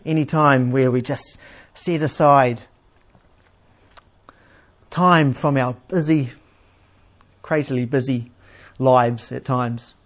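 A man's voice: mid-range voice, fairly even intonation, slow pace, pauses often. Male preacher, sermon, plain teaching tone, rhetorical questions, slightly lo-fi recording. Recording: slightly dull, lo-fi sound.

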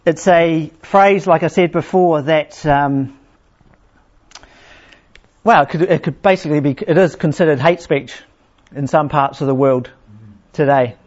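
A man preaching a sermon in a conversational way, restarting phrases often and slowing down to read scripture with emphasis. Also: a little high. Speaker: pastor. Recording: dull lo-fi sound.

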